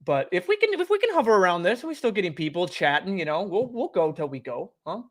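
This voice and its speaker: A young man chats loosely on a live stream from home. He rambles in a friendly, unhurried way. His voice sits a little high and is picked up on a desk microphone. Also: big pitch swings. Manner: easygoing, rambling, chatty. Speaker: streamer and show host. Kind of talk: casual live-stream chat.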